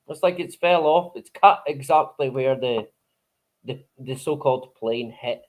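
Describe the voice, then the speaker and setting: A man's voice: medium pitch, measured pace. Rambling, cursing male live-stream host. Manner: rambling, swears freely, chuckles often. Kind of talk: casual live-stream chat.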